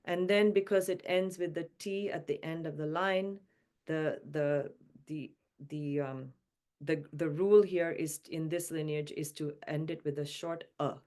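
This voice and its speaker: Woman chant teacher, low-ish smooth voice, unhurried, patient explanations. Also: steady tone, a little mellow. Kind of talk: teaching chant pronunciation and notes.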